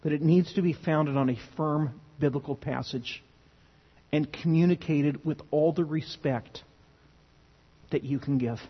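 This sermon comes from a male pastor whose voice sits on the high side, with a breathy edge and a measured pace. Earnest and emphatic, he keeps restarting phrases, captured on a dull, lo-fi recording with long hall reverb.

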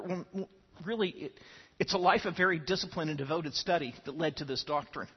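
A man's voice: a little high, a little fast, slightly rough. A man preaching a sermon as pastor, earnest and given to repeating words as he starts his phrases. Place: church sanctuary. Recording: lo-fi with long hall reverb.

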